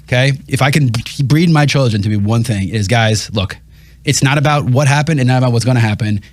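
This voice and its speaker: A man hosting a radio talk show, talking with fast, emphatic energy in a casual chat with his guest. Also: mid-range voice, no room sound. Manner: fast, emphatic, animated storytelling. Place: radio studio.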